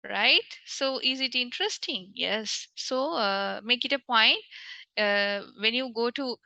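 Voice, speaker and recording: A woman's voice: on the high side, slow pace, vocal fry, sharp tone, no room sound, low-quality recording. A woman from Sri Lanka teaching an online English lesson, patiently asking the class frequent questions as she goes through a story.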